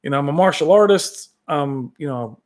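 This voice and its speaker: A man's voice: on the high side, expressive, normal speed, darkish tone. A man hosting a casual live-stream chat, reading viewer comments and rambling on with many fillers and restarts. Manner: does brief movie-quote impressions. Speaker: tech channel host reading live chat.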